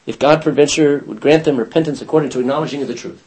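A man's voice: a little high, very fast, darkish tone, husky, poor audio. A man leading a Bible study class, reading scripture aloud and putting questions to his students.

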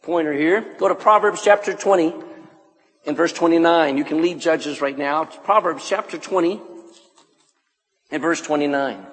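High, lively preacher in an echoey hall. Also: male voice. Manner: animated, teasing, calls on listeners. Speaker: pastor. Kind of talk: sermon to young men.

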